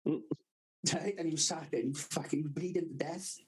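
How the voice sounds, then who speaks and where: Young Valleys-accented man, co-host, husky and a bit high, foul-mouthed casual storyteller. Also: fairly even intonation, unhurried, a little mellow, low-quality recording. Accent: South Wales Valleys. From Wales. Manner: swears constantly, laughs through his stories. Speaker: podcast co-host.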